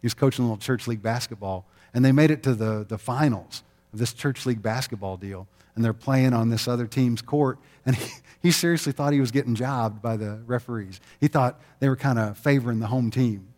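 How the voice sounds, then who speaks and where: A middle-aged man preaching a sermon, telling stories in an animated way and acting out the quotes with laughter. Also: medium pitch, brisk. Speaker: pastor.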